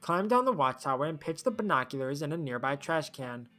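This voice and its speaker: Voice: medium pitch, animated, a little fast, a bit bright, faint music behind. Rambling streamer reading game text aloud. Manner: rambling, thinks aloud, trails off.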